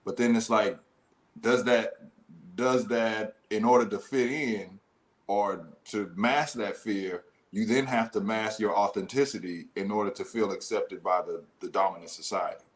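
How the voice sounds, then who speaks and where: A man with a fairly low voice who asks questions in a searching way. He works his thoughts out aloud as he speaks, circling toward his point. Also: a little slow.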